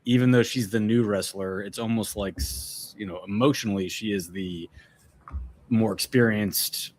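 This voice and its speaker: A man's voice: on the low side, moderate pace, slight background noise. A man co-hosting a podcast, amused and laid-back in casual chat. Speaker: podcast co-host.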